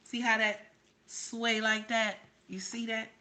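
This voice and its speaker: A woman's voice: on the high side, little pitch movement, slow pace, sharp tone, slight background noise. A woman hosting her own channel, giving sassy, preachy reaction commentary straight to her viewers. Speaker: channel host.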